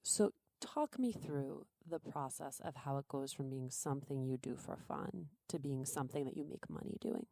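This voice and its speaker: A woman's voice: a bass voice, moderate pace, vocal fry, few pauses, warm tone, no echo, clean studio sound. A woman podcast host asking direct, probing interview questions.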